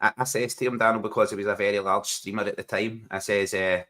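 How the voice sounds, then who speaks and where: A man's voice: fairly low pitch, fairly even intonation, fast talker, fairly bright tone. A man with a Glaswegian accent, co-hosting a football watchalong stream in casual chat, joking and laughing often. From Scotland. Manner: joking, laughs often, says "Daniel" and "bro". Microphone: webcam stream mic, video call.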